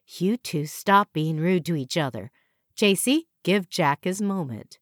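A woman's voice: fairly low pitch, expressive, measured pace, no room sound, clean studio sound. A woman voicing a weary mother who is firm with her twins in a storybook reading. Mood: stern. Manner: stern, tired.

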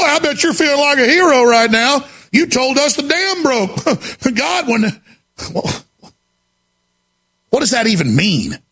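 A man hosting a talk radio show, delivering a frantic, desperate monologue that often breaks into shouting. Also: high-pitched, gravelly. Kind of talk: impassioned on-air monologue.

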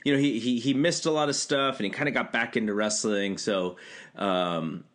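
A man with a lowish voice co-hosting a casual podcast. He tells a story in an easygoing way, stumbling and restarting his sentences now and then. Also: normal speed, fairly bright tone. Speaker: podcast co-host. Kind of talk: casual chat.

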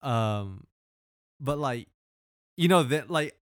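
A man's voice: mid-range voice, expressive, takes it slowly, dry recording, clean studio sound. A man co-hosting a podcast, telling stories in casual chat, slangy and laughing often. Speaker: podcast co-host.

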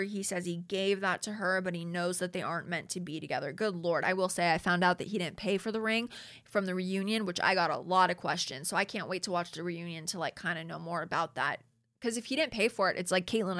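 A young woman in her twenties hosting a casual solo recap, animated and exasperated, peppering her talk with "like" and blunt slang. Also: on the low side, a little fast, no echo, clean studio sound. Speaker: podcast host recapping a reality show.

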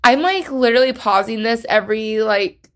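A young woman hosting her podcast alone, rambling and halting with many fillers, emotional and close to tears. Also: a little high. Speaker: podcast host. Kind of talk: casual solo podcast chat.

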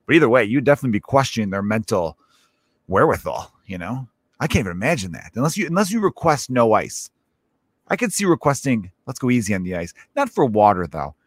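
A man's voice: medium pitch, very animated, quick pace, no echo. A man hosting his own podcast as a stand-up comedian, rambling through a profane comic monologue and acting out little scenes in other voices.

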